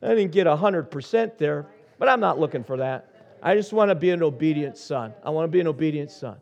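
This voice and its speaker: A middle-aged man preaching a sermon as senior pastor, telling stories with soft asides that build to emphatic points. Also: on the high side, expressive, brisk, creaky, highs cut off. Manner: storytelling, shifting from soft asides to rising emphasis.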